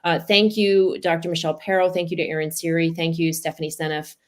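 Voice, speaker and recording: Woman host on a podcast, kinda low voice, earnest, tells a story to wrap things up. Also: level tone, quick pace.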